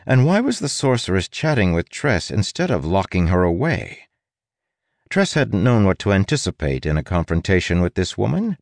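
A man reads an audiobook aloud in a wry, expressive way, his fairly low voice rising and falling freely. The recording is close and dry, with no room sound. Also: dry recording. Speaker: narrator. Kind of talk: audiobook narration.

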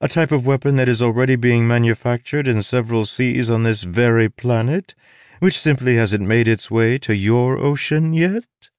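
A man's voice: mid-range voice, smooth, no room sound, pitched above the performer's own voice, close to an everyday voice. A man voicing a powerful, condescending sorceress in an audiobook, drawing out her lines in amusement. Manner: condescending, drawn-out. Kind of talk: audiobook character voice.

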